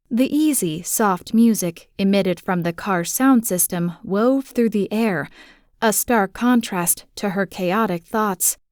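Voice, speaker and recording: A woman narrating a romantic suspense audiobook in a measured, steady storytelling manner on a close studio mic. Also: mid-range voice, no room sound.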